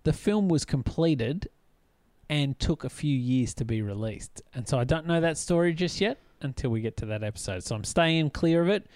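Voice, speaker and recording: Male host, lively fairly high voice, dry close mic. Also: normal speed, no room sound. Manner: chatty, laughs easily, leads the topic. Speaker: podcast host. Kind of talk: casual chat.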